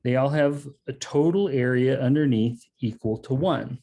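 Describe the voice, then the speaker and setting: A man's voice: medium pitch, moderate pace, warm tone. A man teaching a math lesson online, explaining step by step in a casual way and saying "okay" and "um" often. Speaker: math instructor. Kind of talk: online lecture.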